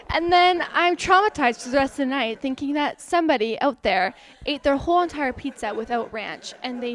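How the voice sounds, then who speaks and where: A young woman with a slightly high voice delivers a satirical TED-style talk. Her sarcastic, mock-dramatic tone keeps breaking into laughter. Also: dry recording. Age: young adult. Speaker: student presenter.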